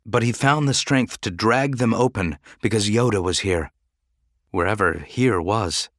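A man giving measured, dramatic audiobook narration. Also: on the low side, fairly bright tone, no echo, clean studio sound.

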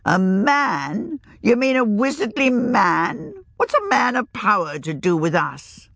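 A woman's voice: fairly high pitch, very animated, slow pace, gravelly, fairly bright tone, dry recording, voice pushed up, exaggerated voice. Woman putting on a shrewd rustic old witch. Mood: earthy. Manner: rustic old-fashioned country speech. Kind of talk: audiobook reading.

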